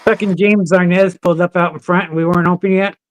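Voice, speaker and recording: High-voiced man telling swearing stories. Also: fast talker. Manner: swears freely, animated anecdotes with laughter. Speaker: guest. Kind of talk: casual chat, storytelling.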